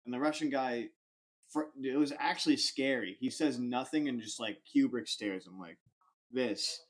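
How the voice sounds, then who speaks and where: A man's voice: medium pitch, moderate pace. Rambling young man telling a story. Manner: rambling, animated anecdote with lots of fillers and swearing. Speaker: podcast host. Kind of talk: casual storytelling.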